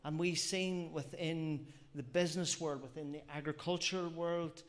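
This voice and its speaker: Slow, earnest preacher man. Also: on the high side, steady tone. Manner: earnest, reflective, repeats phrases and asks rhetorical questions. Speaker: lay preacher. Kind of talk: sermon.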